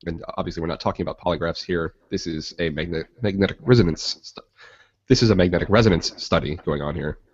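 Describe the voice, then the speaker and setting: A man with a lowish voice trades crude jokes on a casual online hangout show. He also reads out study details in a steady, explaining way. The audio comes through a dull, lo-fi call line. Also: quick pace, husky. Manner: joking, profane, lectures from studies. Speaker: podcast co-host. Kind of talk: casual chat. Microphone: video call.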